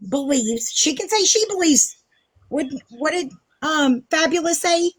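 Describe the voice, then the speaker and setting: A woman's voice: high voice, expressive, measured pace, no room sound. A woman hosting a casual live stream, ranting defensively and sarcastically, swearing often. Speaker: livestream host.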